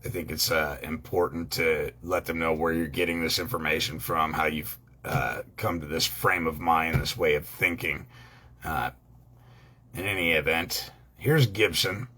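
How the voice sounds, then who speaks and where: A man with a very deep voice but a bright, forceful edge talks loosely to his viewers. He rambles with lots of ums and uhs and swears bluntly now and then. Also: steady tone, unhurried, husky. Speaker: online law educator. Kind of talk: casual talk to viewers.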